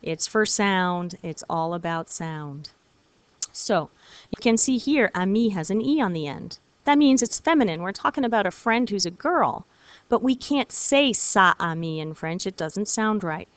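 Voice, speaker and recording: A woman French teacher giving a recorded video lesson, patient and encouraging, repeating words slowly for her students. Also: medium pitch, lively intonation, clean tone, dry recording.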